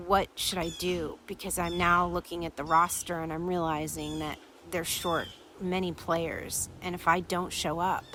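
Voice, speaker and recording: A woman's voice: fairly low pitch, background noise. A woman hosting a podcast, telling a story and acting out what each person said. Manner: animated storytelling, acting out quoted dialogue. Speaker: podcast host. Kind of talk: storytelling to listeners.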